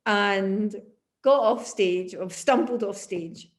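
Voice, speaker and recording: A Scottish woman in her fifties, a musician looking back on her life in an oral history interview, telling lively stories and laughing often. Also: mid-range voice, slow pace. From Glasgow, Scotland. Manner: animated storyteller, laughs often.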